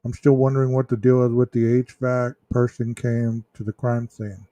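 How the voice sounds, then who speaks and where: A man hosting a true crime livestream, chatting casually with viewers in a slow, rambling way full of ums and restarts. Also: mid-range voice, level tone, dark tone, dry recording, highs cut off. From Texas. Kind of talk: casual livestream chat reading viewer comments.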